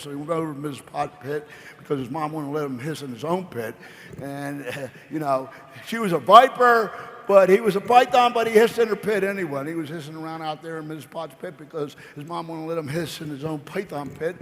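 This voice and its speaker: Folksy rambling guy giving a convention speech, high voice, big echoey hall. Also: fairly quick. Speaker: convention keynote speaker. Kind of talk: motivational storytelling speech. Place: large convention hall stage.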